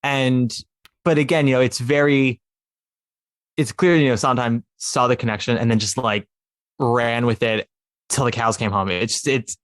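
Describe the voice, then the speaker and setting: A man's voice: medium pitch, fairly even intonation, normal speed, dry recording, clean studio sound. A man chatting eagerly as a podcast guest, rambling with many fillers and restarts. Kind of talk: casual chat about musical theatre.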